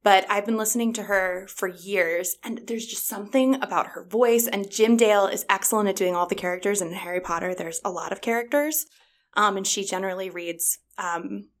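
A woman's voice: medium pitch, brisk. A woman who works as a children's librarian, chatting casually and enthusiastically on a podcast and laughing often.

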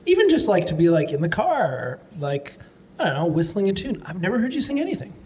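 A man's voice: on the high side, sing-song, fast talker, a little mellow. A man from Canada hosting a casual food-review chat, enthusiastic and playful. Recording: clear background noise.

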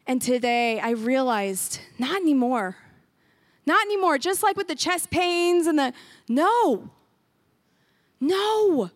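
A woman's voice: high voice, fairly bright tone, dry recording. A woman pastor preaching a sermon in a church, earnest and emphatic, repeating key phrases for weight. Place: church sanctuary.

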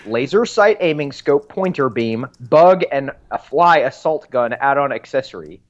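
A man's voice: mid-range voice, expressive, a little slow. A man co-hosting a podcast in casual chat, teasing his partner with wry questions. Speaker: podcast co-host. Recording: dull, lo-fi sound.

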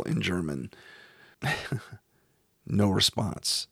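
A man's voice: sits low, takes it slowly, creaky, long pauses, husky, no room sound, clean studio sound. A middle-aged man, a paranormal investigator, recounting a ghost investigation in a wry, chuckling way.

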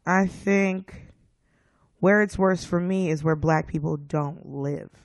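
A man talking as a guest in a casual conversation, blunt and swearing freely, in quick bursts with restarts. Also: fairly high pitch, dry recording.

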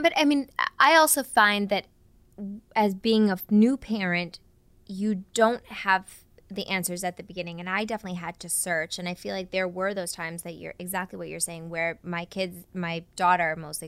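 Smooth-voiced woman co-hosting a parenting chat. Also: lowish voice, no room sound. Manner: lively, storytelling, lists points. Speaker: podcast co-host.

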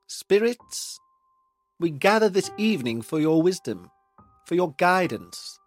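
A man's voice: sits high, sing-song, unhurried, soft background music, pitched above the performer's own voice, heavily acted. A man voicing a showy male ghost hunter who leads a séance with grand, solemn invocations in a raised voice. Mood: theatrical. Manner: theatrical, solemn invocations turning panicky.

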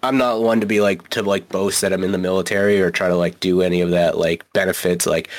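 A man's voice: low-pitched, fairly even intonation, quick pace, hardly any pauses. A man in his thirties co-hosting a podcast, telling rambling stories in casual chat with lots of swearing and filler words. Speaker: podcast co-host.

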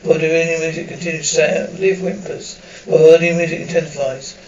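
A man's voice: on the high side, steady tone, normal speed, very noisy. A man reading out a screenplay's stage directions in a plain, matter-of-fact way. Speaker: audio description narrator. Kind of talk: reading a script aloud. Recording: roomy, distant, muffled recording.

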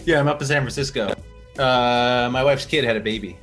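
A man's voice: mid-range voice, a little fast, music in the background. Joking man reading a loose ad. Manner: reads ad copy loosely with fillers, joking. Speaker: podcast co-host. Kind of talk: casual podcast banter.

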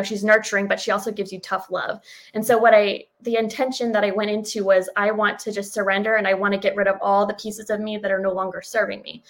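A woman's voice: medium pitch, low-quality recording. A woman telling a personal story as a guest, speaking candidly with plenty of swearing and filler words. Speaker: podcast guest. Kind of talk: casual storytelling.

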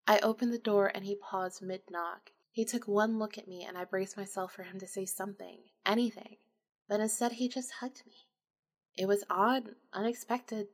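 A woman's voice: mid-range voice, a little mellow. A woman narrating a supernatural story in the first person, in an intimate, emotional, confessional way.

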